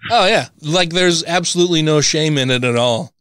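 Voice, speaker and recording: A man's voice: on the high side, moderate pace, a bit bright, dry recording, studio quality. A man from Utah co-hosting a podcast in casual chat, blunt and profane, laughing often. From Utah, USA. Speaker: podcast co-host.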